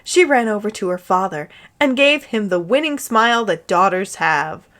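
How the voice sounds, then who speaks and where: A woman's voice: mid-range voice, animated, moderate pace, a bit bright. A woman reading fan fiction aloud as a comedic dramatic reading, with amused, sarcastic asides.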